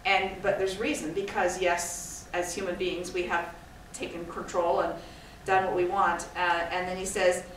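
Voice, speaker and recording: A woman's voice: fairly low pitch, level tone, normal speed, few pauses. A woman from Scotland giving an informal, digressive talk to an audience, chatty and self-deprecating. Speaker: guest speaker. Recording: echoey hall from far off, faint noise.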